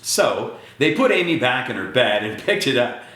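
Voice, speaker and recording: A man reading a picture book aloud to children, speaking to them directly in an animated way. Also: medium pitch, moderate pace. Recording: echoey room.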